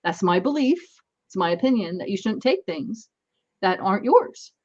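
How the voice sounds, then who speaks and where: An energy healer appears as a guest in a relaxed interview, telling animated parenting anecdotes and acting out dialogue in the voices of the people involved. Her medium-pitched voice moves at normal speed, and the audio is a bit dull and muffled.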